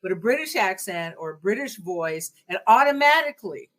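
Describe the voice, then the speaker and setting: A woman's voice: fairly low pitch, lively intonation, moderate pace. Emphatic American woman sharing opinions. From United States. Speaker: podcast co-host. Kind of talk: casual conversational chat.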